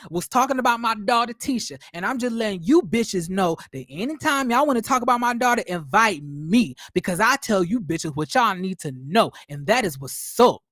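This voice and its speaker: A man voicing a confrontational older mother in her sixties, loud and taunting, in a put-on accent. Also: medium pitch, no echo, clean studio sound, lightly acted.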